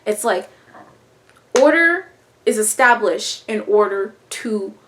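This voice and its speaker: A young woman casually explaining astrology in a playful, slangy, animated way. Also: medium pitch, slow, a little hiss or hum. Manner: animated, slangy, playful, breaks into quoted voices and laughs. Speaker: astrology vlogger.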